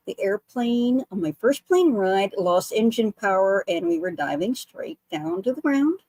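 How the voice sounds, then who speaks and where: A woman's voice: mid-range voice, expressive, measured pace, a little mellow, no echo, poor audio. Earnest woman with a dry close sound. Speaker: psychic medium guest. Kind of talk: casual storytelling chat.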